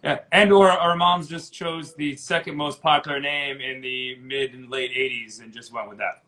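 A man's voice: mid-range voice, steady tone, pushed and bright. An American man co-hosting a podcast, joking around and stumbling over his words with lots of restarts. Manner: halting, stammering, jokey. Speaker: podcast co-host. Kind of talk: casual chat.

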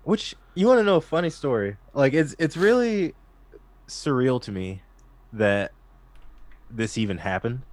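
A male musician guest chatting casually, excitable and slangy, with a heavy use of "like". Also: medium pitch, unhurried, long pauses, no echo. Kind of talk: casual chat.

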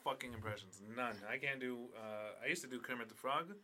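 A man's voice: mid-range voice, fast, bright, forceful tone. A man joking about himself in crude, self-deprecating banter. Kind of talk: casual chat.

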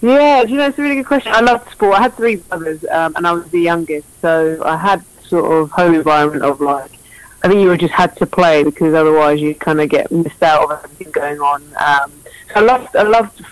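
A woman's voice: sits low, a little fast, dry recording, rough recording. A woman, a former cricketer, chatting as an interview guest in a chatty way. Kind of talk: casual interview chat.

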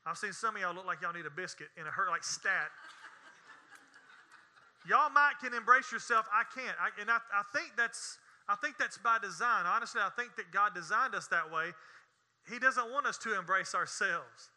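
A man's voice: high-pitched, lively intonation, normal speed, pushed and bright. A man preaching a sermon in a folksy, emphatic way, with scornful asides. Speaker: pastor.

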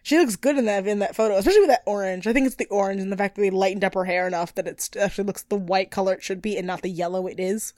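A woman co-hosting a podcast, recapping a reality show in casual, animated chat, swearing and laughing often. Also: medium pitch, rapid-fire, hardly any pauses, no room sound, clean studio sound. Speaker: podcast co-host.

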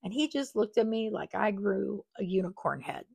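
Woman, podcast host, casual rambling chat, creaky voice, dry close sound, small office. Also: mid-range voice, normal speed, darkish tone, no room sound. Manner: chatty and rambling, with many fillers and asides. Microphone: small microphone.

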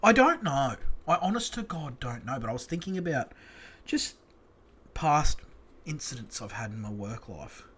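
A man's voice: mid-range voice, very animated, moderate pace, fairly bright tone, slightly rough. A middle-aged man with an Australian accent, hosting a casual podcast chat and telling a story in a blunt, profane, laid-back way. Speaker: podcast host.

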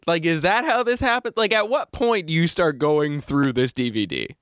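A man's voice: a little high, expressive, normal speed, few pauses, fairly bright tone, no echo, studio quality. A man hosting a podcast in casual chat, joking, laughing often and acting out little scenes. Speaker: podcast host.

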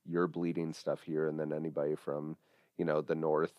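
A man with a Kansas accent and a very low voice, trading jokes as a podcast co-host. He keeps things easygoing and informal. The recording is dry and close to the mic. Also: little pitch movement, moderate pace, no echo, dull audio. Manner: joking, easygoing. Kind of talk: casual chat.

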